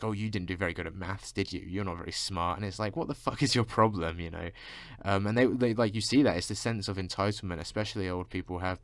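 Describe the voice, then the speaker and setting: A man's voice: sits low, smooth, dry recording. A man vlogging a casual rant, constantly saying "like" and swearing freely. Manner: fills speech with "like", swears freely.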